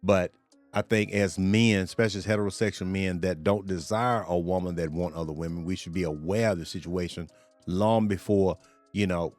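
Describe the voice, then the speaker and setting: A man's voice: deep voice, steady tone, moderate pace, darkish tone, soft background music. A male host giving rambling reaction commentary on a video clip, padding his talk with "you know" and "or whatnot".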